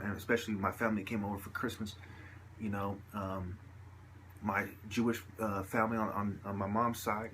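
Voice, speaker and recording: Male vlogger, lower register, loose rambling street-slang delivery. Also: a bit bright, slight background noise. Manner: rambling, slangy, sprinkled with "you dig". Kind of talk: casual monologue to camera.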